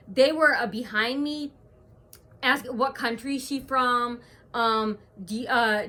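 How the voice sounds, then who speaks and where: Brief: woman vlogger at home, bright and tense voice, halting aggrieved rant. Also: a little high. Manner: rambling, aggrieved retelling full of hesitations. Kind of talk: casual to-camera vlog monologue.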